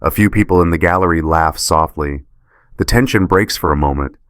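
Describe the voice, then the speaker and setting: Deep dry-sounding guy reading a first-person story in short clipped lines. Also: a little fast, a bit bright, no echo. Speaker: story narrator.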